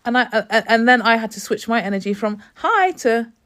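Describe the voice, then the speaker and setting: A woman's voice: on the high side, lively intonation, a little fast, fairly bright tone. Sassy, emphatic woman telling a story. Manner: emphatic, lecturing, sassy asides. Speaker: host. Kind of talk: opinionated storytime.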